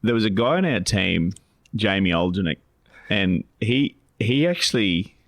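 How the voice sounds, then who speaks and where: Low gravelly man, casual. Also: expressive, measured pace, fairly bright tone, no echo. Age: 40s. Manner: rambling, many restarts and fillers. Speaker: co-host, financial adviser. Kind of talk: casual podcast chat.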